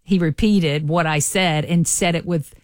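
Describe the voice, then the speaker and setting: A woman's voice: low voice, unhurried, no echo, studio quality. A woman from rural Alabama with a strong Southern accent, co-hosting a radio show in casual, laughing banter with a country twang. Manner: warm-humored, country twang, laughing easily. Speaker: radio co-host. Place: radio studio.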